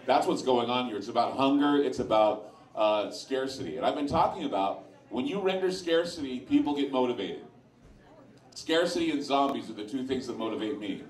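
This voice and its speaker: A male radio host with a mid-range voice, lively intonation, and a fairly quick pace talks informally to a live bar crowd in a sports lounge. He's blunt and opinionated, tossing in crude asides, and the recording is echoey with his voice far from the mic.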